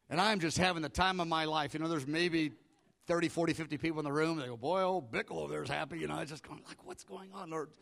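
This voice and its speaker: A middle-aged male pastor telling a personal story in a sermon, acting out his own prayers and often dropping to a hushed voice. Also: a little high, gravelly.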